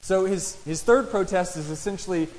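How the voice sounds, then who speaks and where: A man's voice: high voice, moderate pace, a little mellow. A man preaching a sermon and reading scripture, talking in a conversational way and putting questions to his listeners. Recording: long reverb in a large hall.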